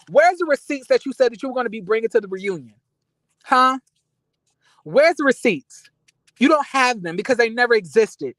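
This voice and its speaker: A man's voice: very high-pitched, no echo. A man giving a casual recap of a reality TV reunion, blunt and slangy, swearing freely and addressing the cast directly. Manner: animated, blunt, profane, slangy.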